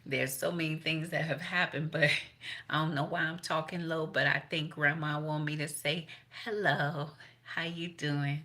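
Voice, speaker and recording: Brief: low, bright-edged woman giving a profane, chatty tarot reading. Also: steady tone, normal speed. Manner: blunt and profane, laughs between points. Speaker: tarot reader. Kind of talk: casual spiritual reading, profane.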